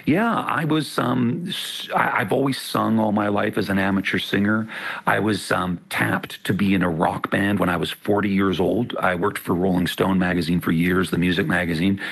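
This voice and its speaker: A middle-aged man with a gravelly voice, explaining things in a measured way as an interview guest. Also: lowish voice. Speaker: author guest. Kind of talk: interview conversation.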